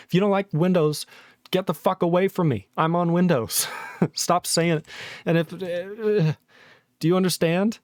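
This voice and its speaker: A man's voice: on the high side, normal speed, no room sound, studio quality. Exasperated swearing man ranting on stream. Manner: exasperated, sarcastic, swears often, mocks others in put-on voices. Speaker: livestreaming programmer. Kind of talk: ranting casual stream talk.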